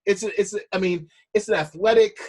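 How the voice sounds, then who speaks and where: A man's voice: high-pitched, brisk, a little mellow. A man hosting a podcast, talking enthusiastically with frequent stumbling restarts. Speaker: podcast host. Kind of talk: casual podcast chat.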